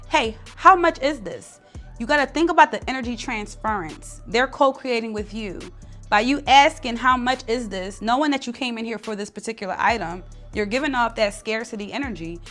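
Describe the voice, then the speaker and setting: Woman vlogging pep talk, blunt and slangy, high-ish voice, soft music underneath. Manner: blunt, animated, slangy, emphatic. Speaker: spiritual content creator. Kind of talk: casual motivational talk to camera.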